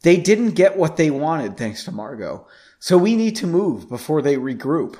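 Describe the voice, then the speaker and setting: A man voicing a pompous, cold-hearted male mage who speaks slowly and with self-importance. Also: a little high, very animated, dark tone. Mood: urgent. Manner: slow, measured, self-important.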